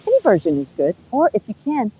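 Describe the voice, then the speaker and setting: A woman over fifty teaching a live yoga class outdoors on a beach, giving gentle, coaxing cues and counting breaths. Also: medium pitch, wildly swooping pitch, quick pace, lo-fi sound, a little hiss or hum.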